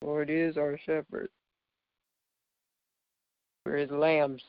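A man's voice: fairly high pitch, flat delivery, very slow, vocal fry, smooth, dry recording. A man teaching figures of speech from scripture, patiently explaining and often checking in with "right?". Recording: dull lo-fi dry recording.

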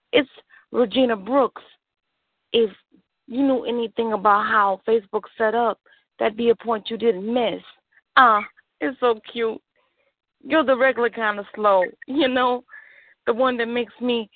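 A woman performing a spoken word poem with a sassy, mocking, deliberate delivery. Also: medium pitch, no echo. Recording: tinny, dry phone-like audio.

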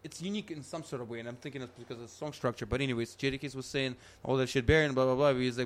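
Fast-talking profane man in casual banter. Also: medium pitch. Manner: fast, profane, excitable, talks over his partner. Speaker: podcast co-host. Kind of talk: casual chat.

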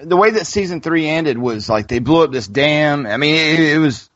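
A man's voice: on the high side, animated, moderate pace, fairly bright tone, no room sound. A man co-hosting a casual podcast chat, talking hesitantly and often repeating words. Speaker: podcast co-host. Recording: dull lo-fi podcast audio.

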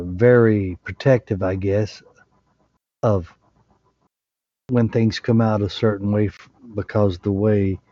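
Earnest, halting man on a call. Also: fairly low pitch, warm tone, no echo. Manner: earnest, apologetic, halting with many restarts. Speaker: call participant. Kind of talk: casual group call. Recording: muffled lo-fi call audio.

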